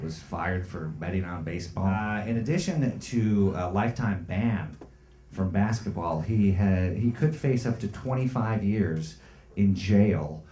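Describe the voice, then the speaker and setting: Slow, deadpan low-voiced man. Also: reverberant, a little hiss or hum. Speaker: comedian. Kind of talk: mock news read.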